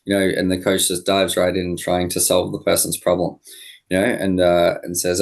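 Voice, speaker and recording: A man, a high-performance coach, guest on a podcast interview, explaining ideas reflectively with many fillers. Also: completely flat delivery, normal speed, vocal fry.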